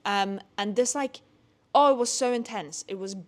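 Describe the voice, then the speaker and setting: A young woman doing a casual book review vlog, chatty and full of "like", swearing freely and rising into animated rants. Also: medium pitch, moderate pace. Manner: chatty, heavy use of "like", swears when annoyed; animated, rising into ranting bursts. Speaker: book vlogger.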